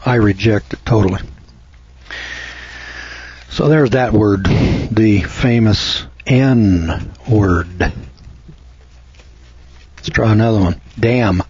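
American man, husky, unhurried preachy monologue host, dull dry lo-fi sound. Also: on the low side, darkish tone, no echo. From United States. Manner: slow, deliberate, spells words out letter by letter; preachy, cites scripture references. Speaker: commentator. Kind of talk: opinionated monologue.

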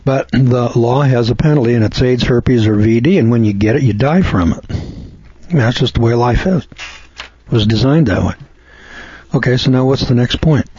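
Male preacher, husky voice, folksy and sardonic, throat-clearing, dry muffled recording. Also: mid-range voice, moderate pace, darkish tone, dry recording. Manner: folksy, sardonic, talks back to a letter writer. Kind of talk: conversational Bible commentary.

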